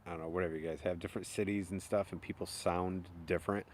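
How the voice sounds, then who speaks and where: A man's voice: low voice, fairly even intonation, quick pace, hardly any pauses, darkish tone. A young man chatting casually and rambling on a live stream, chuckling often. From upstate New York. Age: young adult. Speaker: chainsaw carver hosting a live stream.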